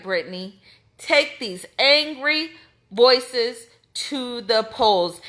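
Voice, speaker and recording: A woman's voice: high-pitched, sharp tone. An American woman with a Midwestern accent, speaking out for a missing person's family in an impassioned, indignant rant straight to the camera, repeating her points with emphasis.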